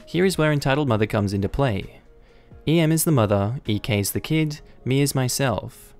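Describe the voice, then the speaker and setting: A man reads online stories aloud in a steady, matter-of-fact way. His voice sits in a middle register. Soft music plays faintly under him. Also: mid-range voice, moderate pace. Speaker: narrator reading online posts. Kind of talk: scripted story narration.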